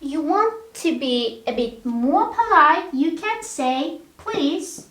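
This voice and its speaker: A woman's voice: high-pitched, expressive, takes it slowly, a bit bright. A woman teaching an English grammar lesson, speaking patiently and repeating words one at a time to show the stress. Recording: echoey room.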